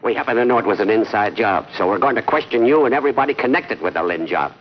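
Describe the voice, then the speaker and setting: A man playing a police inspector who questions a suspect calmly, in a 1950s radio drama. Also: lowish voice, fast, close to an everyday voice. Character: steady middle-aged male police inspector. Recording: dull lo-fi 1950s recording with faint noise.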